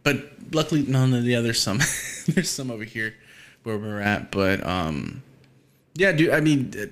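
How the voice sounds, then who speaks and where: A man's voice: mid-range voice, very animated, measured pace, a bit bright. A man talking casually on a podcast over a call, laid-back and slangy, with many fillers.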